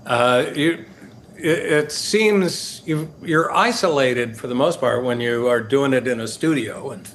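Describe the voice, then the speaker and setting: An older man, a guest, telling casual anecdotes, halting with fillers and laughing as he goes. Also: medium pitch, a bit bright, a little hiss or hum. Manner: halting, many fillers, laughs through stories.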